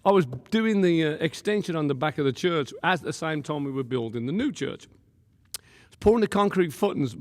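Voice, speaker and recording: Gravelly pastor telling a story. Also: male voice, mid-range voice. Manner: lively, laughing often, acts out quotes. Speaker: pastor and guest. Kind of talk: animated storytelling. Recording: long room reverb.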